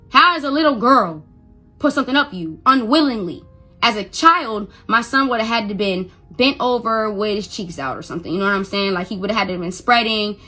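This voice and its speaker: A woman's voice: a little high, bright, forceful tone, slightly rough. A young adult woman, a mother, telling an emotional first-person story, stuttering and repeating words when upset and quoting others as she goes.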